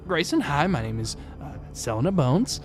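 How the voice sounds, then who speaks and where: A man voicing a bubbly young woman who keeps a flower shop, talking in an excited, gushing way over background music. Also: a little high, normal speed, pitched above the performer's own voice.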